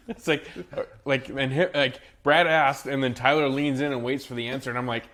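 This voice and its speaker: A man's voice: medium pitch, a bit bright. A man joining a casual garage podcast, joking and swearing as he tells stories. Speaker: podcast co-guest. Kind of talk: casual chat.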